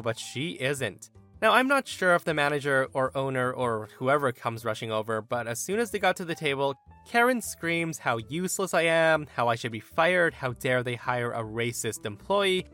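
A man narrating a reddit story aloud, animated, voicing the quoted lines himself. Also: fairly high pitch.

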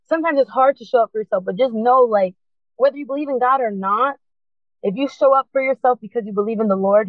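A woman's voice: fairly high pitch, no echo. A woman guest telling her personal story in an earnest, impassioned way, urging listeners to keep going. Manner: earnest, impassioned, urgent encouragement. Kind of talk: emotional personal testimony. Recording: tinny phone-line sound.

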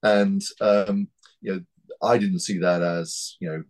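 A man in his fifties from North East England, speaking as an interview guest in a measured, hesitant way with many fillers and restarts. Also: sits low, fairly even intonation, a little mellow, poor audio. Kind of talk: reflective interview talk.

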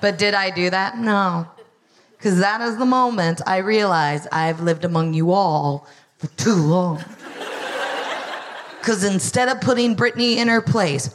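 A woman's voice: mid-range voice, unhurried, pauses often, background noise. An American woman in her thirties performing a wry stand-up set, telling a story and acting out quotes in front of a live audience. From United States. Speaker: comedian, co-host.

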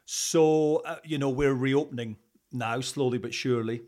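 A man's voice: medium pitch, normal speed, a little mellow. Chatty Scottish man, rambling and laughing. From Scotland. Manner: chatty, rambling with fillers and restarts, laughs often. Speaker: interview guest, radio presenter. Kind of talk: casual interview chat.

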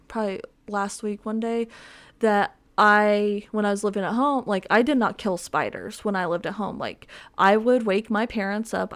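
A woman's voice: mid-range voice, gravelly. A woman in her twenties hosting a podcast alone, rambling and self-deprecating with many fillers. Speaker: podcast host. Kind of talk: casual solo chat.

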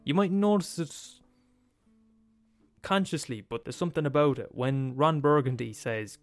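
A podcast host launches into a comedic, profanity-laden rant, repeating himself for emphasis and laughing at his own points. His voice is on the high side at a normal speed, with no echo and faint music in the background.

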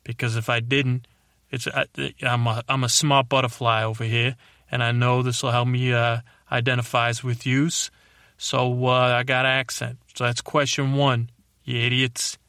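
A man voicing a loudmouth male butterfly who rants angrily at humans in a brash, rambling way with a put-on tough-guy accent. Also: mid-range voice, level tone, very fast, hardly any pauses, smooth, dry recording, studio quality, lightly acted. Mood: irritated. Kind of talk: comedic character monologue.

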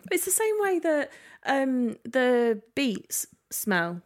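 A woman's voice: high-pitched, big pitch swings, slow. Giggly woman telling rambling stories. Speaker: podcast co-host. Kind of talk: casual chat.

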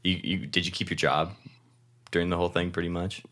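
A young man from Washington state co-hosts a podcast with a very deep voice that still has a bright, forceful edge. He rambles through stories in casual chat, laughing often and swearing without a second thought. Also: little pitch movement, fairly quick. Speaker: podcast co-host.

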